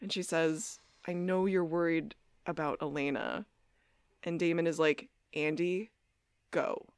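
Lively woman podcaster recapping a show. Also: low voice, a little slow, smooth, dry recording, studio quality. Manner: animated retelling, acting out lines in put-on voices. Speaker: podcast co-host. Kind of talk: casual recap chat.

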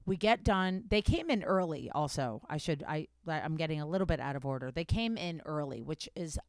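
A woman host tells a long story in a loose, candid way, swearing freely and stopping to correct the order of events. Her voice is smooth and clear. The recording is dry and close. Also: sits low, animated, a little fast, no room sound. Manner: backtracks and corrects herself mid-story. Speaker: podcast host. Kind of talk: casual storytelling.

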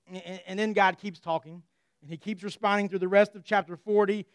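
A man delivers a sermon in an earnest, conversational way with touches of humor. His voice is high and smooth, and it sounds dry and close. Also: steady tone, brisk, no room sound. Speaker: preacher.

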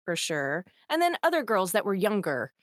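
A woman's voice: mid-range voice, big pitch swings, moderate pace, no room sound. Woman co-host, casual and laughing, everyday middle voice, dead-dry studio sound. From Arkansas, USA. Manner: chatty, laughs often. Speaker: podcast co-host. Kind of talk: casual chat.

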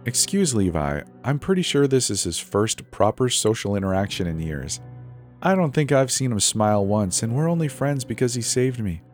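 A man's voice: fairly low pitch, very animated, normal speed, soft background music, voice pushed up. A man voicing a bossy, urgent teenage girl who talks sharply and commandingly. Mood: chiding.

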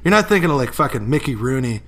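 Gravelly, bright-voiced joking man. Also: medium pitch, big pitch swings, fast. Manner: laughs a lot, profane, joking. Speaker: podcast co-host. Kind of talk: casual podcast banter.

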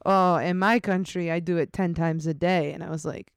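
Animated woman storyteller, crisp tone, close dry mic. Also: on the low side, normal speed, dry recording. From New York State, US. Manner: animated, laughing storyteller, acts out quoted voices. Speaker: guest storyteller. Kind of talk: casual podcast chat.

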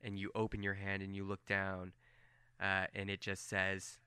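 A man's voice: sits low, monotone, moderate pace, pushed and bright, smooth, no room sound. A man narrating a tabletop game as game master in a loose, casual storytelling manner.

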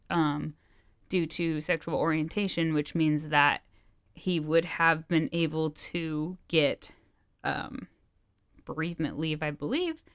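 A rambling, breathless woman chats casually on a podcast. Her voice is low-pitched for a woman and very smooth. The sound is dry and close. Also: dry recording. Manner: rambling with many fillers. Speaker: podcast co-host.

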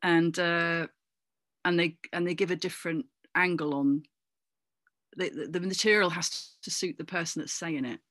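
A woman from Cornwall, an actor and comedian, chatting as an interview guest with animated, anecdotal storytelling. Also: fairly low pitch, normal speed, no room sound, clean studio sound. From Cornwall, England. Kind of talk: casual interview chat.

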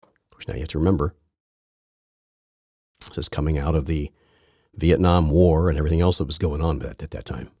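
A man's voice: extremely low pitch, a little fast, pauses often, a little mellow, slightly rough, no echo, studio quality. A man hosting a political podcast, talking in a rambling, sarcastic way with many restarts. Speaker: podcast host. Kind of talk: casual political commentary.

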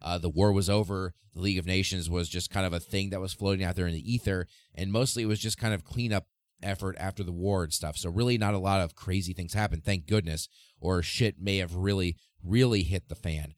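A man hosts a history podcast and tells the story casually, swearing freely and keeping an irreverent tone. His voice sits low. The recording is close and dry, with no room sound. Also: fairly even intonation, brisk, dry recording. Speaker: podcast host.

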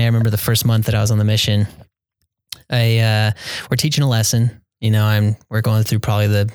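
A young man talking casually as an interview guest about his mission, hesitant, with many pauses and fillers. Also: lowish voice, no room sound. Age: young adult. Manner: soft-spoken, hesitant with many ums, quotes people in a raised voice.

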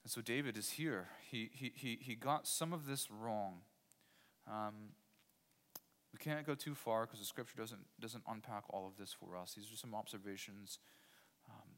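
A man's voice: on the low side, a bit bright. A man preaching a sermon as pastor, emphatic, repeating key phrases and putting rhetorical questions to his listeners.

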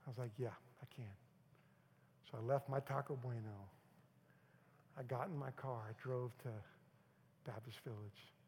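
A middle-aged male pastor telling a personal story in a sermon, moving from loud urging to hushed, near-whispered moments. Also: medium pitch, fairly even intonation, normal speed, long pauses, a little hiss or hum. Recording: long hall reverb.

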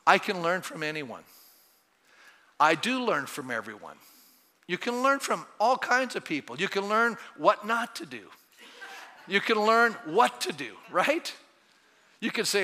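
Bright-voiced male pastor preaching in a reverberant hall. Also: high voice, unhurried, long pauses. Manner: animated preaching with acted-out quotes and questions to the congregation. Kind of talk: sermon. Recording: long church-hall reverb.

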